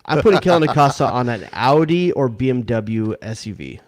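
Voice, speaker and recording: Wisecracking American man, lively voice. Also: mid-range voice, brisk, dry recording, clean studio sound. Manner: wisecracking, deadpan one-liners. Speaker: podcast co-host. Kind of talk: casual chat.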